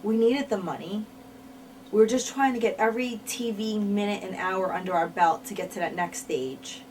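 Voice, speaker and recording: A woman tells her side of the story in a candid sit-down interview, leaning on repeated words to drive her points home. Her voice sits at an ordinary middle pitch. The mic is set a little away from her, with a faint hiss underneath. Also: moderate pace, darkish tone. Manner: frank, repeats words for emphasis. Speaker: interviewee, former wrestler. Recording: mic at a distance, faint noise.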